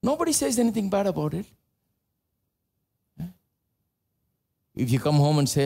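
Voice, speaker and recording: Indian pastor preaching, swinging loud to low. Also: male voice, very animated, normal speed, vocal fry, pauses often, breathy edge. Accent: Indian English. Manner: rises to loud emphatic high preaching, drops to low conversational asides. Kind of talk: sermon. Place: live church service.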